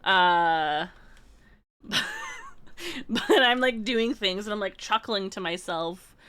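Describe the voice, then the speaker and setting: A woman livestreamer telling a story in casual chat with her viewers, excitable and laughing often. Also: mid-range voice, takes it slowly, clear, resonant tone. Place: room at home, alone.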